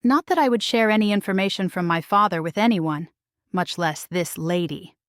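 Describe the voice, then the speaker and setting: A woman's voice: medium pitch, moderate pace, dry recording. Woman reading a novel aloud, dry sound. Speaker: audiobook narrator. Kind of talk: first-person novel reading.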